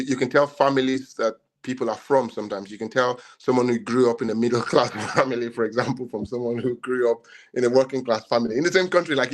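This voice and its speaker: A man, co-hosting a podcast debate and talking in long, rambling turns full of restarts. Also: mid-range voice. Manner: rambling, many restarts and fillers. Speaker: podcast co-host. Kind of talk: casual debate chat.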